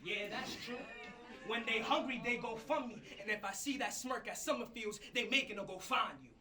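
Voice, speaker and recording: A man's voice: very high-pitched, moderate pace. A man performing boastful, aggressive battle rap verses to a live crowd in an upper-floor campus venue. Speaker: battle rapper. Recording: distant mic with loud crowd.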